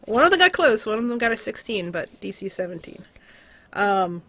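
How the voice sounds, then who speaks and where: A woman's voice: mid-range voice, sing-song, moderate pace, sharp tone. A woman narrating as game master of a tabletop game, casual and loose, with frequent fillers.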